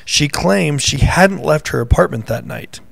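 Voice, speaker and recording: A man's voice: fairly high pitch, animated, unhurried, creaky, fairly bright tone, no room sound. A man co-hosting a casual faith podcast, teasing his co-host and reading news headlines aloud in a playful quiz. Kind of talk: casual chat, quiz game.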